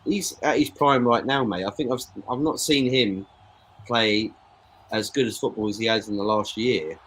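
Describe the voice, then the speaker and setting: A man's voice: on the low side, normal speed, fairly bright tone, husky. A man co-hosting a football watchalong, chatting casually and opinionated, calling his co-host "mate". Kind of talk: casual live match chat.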